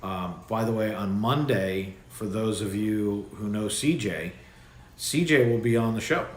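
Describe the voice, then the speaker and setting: A man's voice: on the low side, a little slow. A man hosting a livestream, chatting casually and rambling with loose restarts. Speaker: livestream host. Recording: echoey room with faint background noise.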